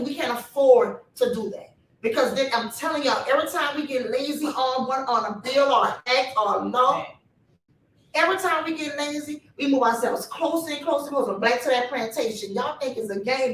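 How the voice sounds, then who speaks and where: A woman's voice: high voice, slight background noise. Fiery woman speaker in echoey hall. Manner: fiery, preacher-like cadence, direct to audience. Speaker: panel speaker. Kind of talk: impassioned panel talk. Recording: echoey room from a distance.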